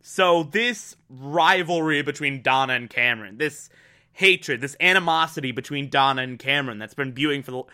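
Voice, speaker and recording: A man giving an excitable, emphatic recap of a TV episode, laughing often and acting out the characters' lines. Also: medium pitch, normal speed. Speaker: TV show reviewer. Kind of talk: casual recap commentary.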